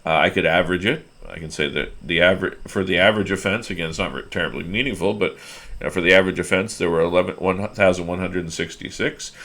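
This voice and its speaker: A man's voice: deep voice, quick pace, pushed and bright. A man teaching a recorded lesson while working through a spreadsheet, explaining as he goes with fillers and restarts. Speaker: instructor. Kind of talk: screen-recorded lecture.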